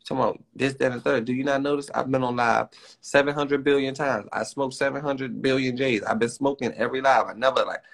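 Gravelly, profane young man ranting. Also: mid-range voice, steady tone, a bit bright. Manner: profane, rapid, ranting slang. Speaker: live streamer. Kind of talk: casual livestream rant.

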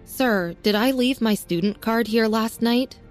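A composed teenage girl speaks calmly and seriously, as a woman acts her out. Her politeness stays tight and controlled. Faint music plays under her. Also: fairly high pitch, measured pace, lightly acted. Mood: cold. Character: cold composed teenage girl, quietly furious.

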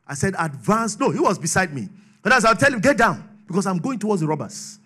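A Nigerian man preaching a sermon, swinging from shouted declarations to low asides and laughing often. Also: very animated, a little fast, husky. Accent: Nigerian English. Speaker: pastor.

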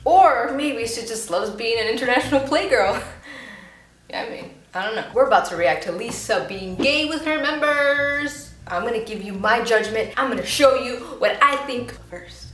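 A young woman with a fairly high, lively voice hosts a casual YouTube reaction video at a moderate pace, her tone fairly bright. She's chatty and giggly, playfully imitating the people she watches, in an echoey room with faint noise and faint music behind.

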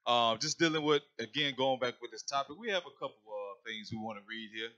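Brief: male co-host, forceful bright voice, lecturing, reads passages aloud. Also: medium pitch, lively intonation, fast talker, lo-fi sound. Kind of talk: religious radio talk show.

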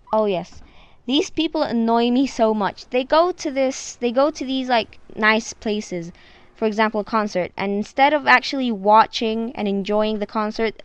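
A woman chatting through a casual vlog and sharing her opinions. Her voice sits a little high, and she keeps dropping "like" into her sentences. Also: moderate pace, clean tone, no room sound. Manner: chatty, many "like" fillers. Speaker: vlogger.

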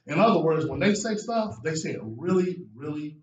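A man's voice: lively intonation, normal speed, dull audio. Dynamic male preacher in an echoey church. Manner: dynamic preaching, shouting and dropping low for emphasis. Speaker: guest preacher. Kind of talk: sermon. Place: church sanctuary. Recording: echoey church room from far off.

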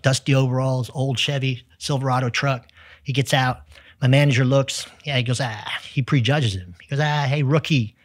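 A Texan man, a sales executive, telling lively business stories as a podcast guest, acting out the people in them. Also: mid-range voice, dry recording, clean studio sound. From United States. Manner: energetic, tells stories with quoted dialogue. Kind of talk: storytelling in conversation.

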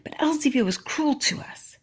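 A woman's voice: sits high, expressive, normal speed, in a whisper, voice pushed up. A woman reading as pleading, thirsty villagers. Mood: desperate. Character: thirsty, desperate crowd of villagers.

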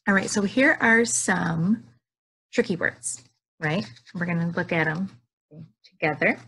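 A woman's voice: on the low side, creaky, a bit bright, slightly rough. A woman teaching young children from her couch at home, drawing out words and cheering them on in a sing-song way. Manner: slow, drawn-out words with sing-song prompts. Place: living room at home.

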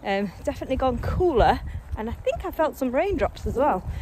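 A woman's voice: high-pitched, sing-song, a little fast, background noise. A young woman, chatting casually in a vlog and often talking to her dog. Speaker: vlogger.

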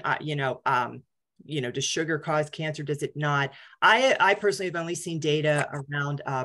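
A woman's voice: low-pitched, a bit bright. A middle-aged woman giving a candid, casual talk to a support group, self-deprecating and full of ums. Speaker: guest speaker.

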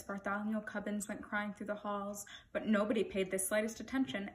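With a medium-pitched voice and a brisk pace, this woman reads a children's picture book aloud, animated and expressive as she tells the story.

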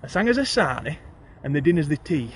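A Yorkshireman with a broad accent recites comic rhyming verse, calling the listener "thee." His fairly high voice is sing-song and quick, with slight background noise.

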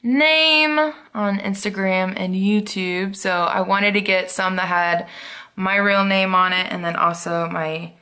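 A woman chatting through an unboxing haul, gushing and excitable, sometimes dropping to a whisper. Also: medium pitch, slow pace. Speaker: planner vlogger. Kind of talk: casual unboxing chat.

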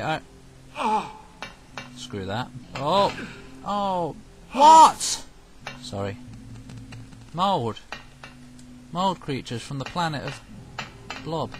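Silly guy yelling over his game, slow drawly talk with big swoops, game music under it. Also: mid-range voice, noisy background. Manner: excitable and goofy, with sudden loud outbursts. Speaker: gameplay commentator. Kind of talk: silly let's-play commentary.

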